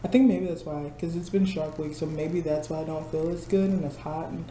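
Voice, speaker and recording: A woman's voice: sits low, fairly even intonation, fairly quick, warm tone, slight background noise. A woman in her twenties from Missouri, chatting casually to camera from her office at work, laughing often and mimicking people. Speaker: vlogger. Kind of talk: casual chat. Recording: roomy office with faint ambience.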